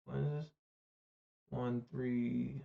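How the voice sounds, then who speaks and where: A man's voice: medium pitch, little pitch movement, extremely slow, gravelly. A man in his thirties giving casual, rambling gameplay commentary with profanity as an online card game streamer. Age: 30s. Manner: rambling, profane, chatty storyteller. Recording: slightly muffled lo-fi recording.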